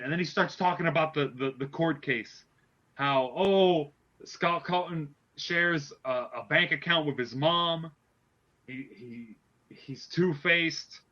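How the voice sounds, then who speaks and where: A man's voice: on the high side, bright, forceful tone, dull audio. A man hosting a casual wrestling podcast, retelling a story animatedly with lots of restarts. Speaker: podcast host.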